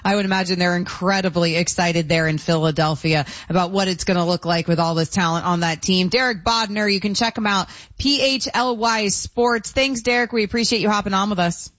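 A woman's voice: mid-range voice, steady tone, brisk, hardly any pauses, a bit bright, dry recording. A woman hosting a sports talk radio show, chatty and opinionated, laughing often, heard on a muffled broadcast.

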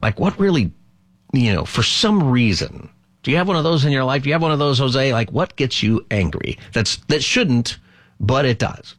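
A man's voice: medium pitch, big pitch swings, moderate pace, no room sound. A middle-aged man hosting a call-in radio talk show, chatty and rambling, often laughing.

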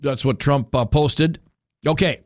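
A man's voice: mid-range voice, unhurried, a little mellow, no room sound, studio quality. A man hosting a talk radio show, giving an opinionated monologue in an exasperated, incredulous way and stumbling over restarts.

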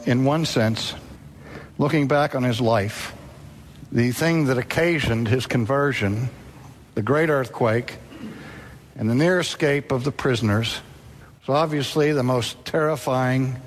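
A man's voice: medium pitch, a little slow, slight background noise. A man preaching a sermon, telling a story dramatically and acting out the voices in it.

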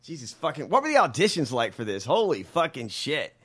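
A man's voice: medium pitch, a little fast, husky. A man hosting a podcast, reacting to a clip with incredulous, profanity-laced casual commentary. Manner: incredulous, animated, swears a lot. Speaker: podcast host.

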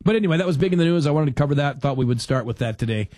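A man hosting a talk radio show, reading news aloud and adding sarcastic, animated asides. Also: on the high side, racing, no room sound. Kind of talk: casual talk radio commentary.

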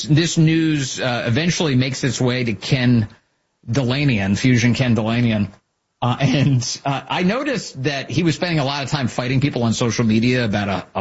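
A man's voice: medium pitch, husky, muffled recording. A man hosting a political commentary show, talking sarcastically and mocking people with put-on voices.

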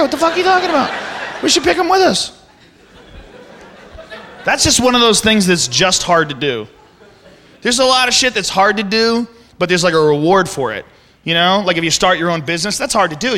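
Profane, high-voiced ranting comedian. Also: male voice, pushed and bright. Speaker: stand-up comedian. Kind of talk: stand-up comedy. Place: comedy venue with live audience. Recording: reverberant venue with audience.

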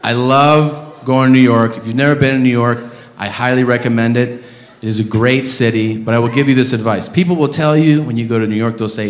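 Profane stand-up comedian ranting. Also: male voice, mid-range voice, steady tone, a little fast. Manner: profane, loud ranting bursts. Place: comedy club stage. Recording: roomy club sound with noise.

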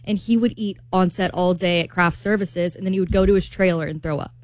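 A woman's voice: on the low side, steady tone, a little fast, a little mellow, no echo. A woman co-hosting a radio morning show, retelling stories in casual chat.

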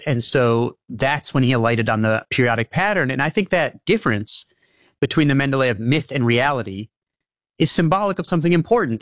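A man's voice: medium pitch, fairly bright tone, no room sound, studio quality. A man being interviewed as the author of a book, who explains his ideas earnestly and breaks into laughs between points. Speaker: author and guest.

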